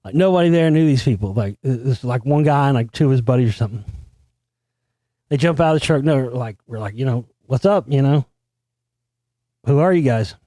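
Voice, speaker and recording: In a fast, profane monologue recorded with clean studio sound and no echo, a man hosting a show brags through a crude party story. Swaggering and swearing heavily, he performs the people involved, breaking into abrupt loud, high-pitched outbursts for their quotes.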